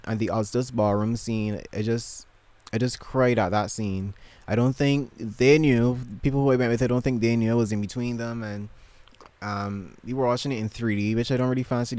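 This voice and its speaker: A man's voice: lowish voice, fairly even intonation, normal speed, a little mellow, no echo. A man vlogging casually from his bedroom, gushing and emotional, rambling with lots of fillers and restarts. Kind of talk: casual chat to camera.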